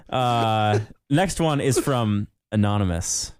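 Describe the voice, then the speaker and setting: A young man with a lowish, smooth, clear voice, chatting loosely on a podcast. He jokes around and reads listener letters aloud. The sound is close and dry. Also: expressive, moderate pace, a little mellow, no room sound. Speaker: podcast co-host. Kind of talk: casual podcast chat.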